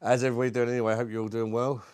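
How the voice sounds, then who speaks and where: Talking very fast with little pitch movement, a British livestream host reviews beer in a chatty, casual way, greeting viewers by name and swearing now and then despite a lingering cough. His medium-pitched voice is a little mellow and clean-toned, with no echo.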